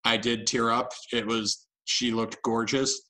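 Man, young, podcast co-host, bright tone, self-mocking storyteller. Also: medium pitch, level tone, measured pace, rough recording. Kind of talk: casual chat.

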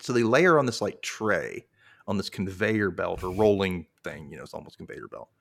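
Casting note: male podcast host, lively swinging intonation, jokey recap banter. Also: deep voice, normal speed, vocal fry. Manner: animated, jokey, acts out characters' lines. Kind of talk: casual recap chat.

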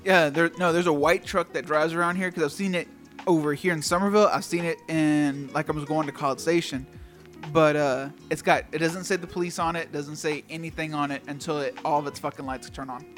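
A man's voice: fairly high pitch, fairly even intonation, fairly quick, a bit bright, soft background music. A man, chatting casually in an easygoing, matter-of-fact way. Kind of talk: casual chat.

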